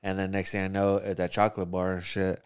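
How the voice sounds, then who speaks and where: Man, casual chat, quick profane storyteller with a clear, lowish voice. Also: monotone. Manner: profane, rambling storytelling with quoted asides.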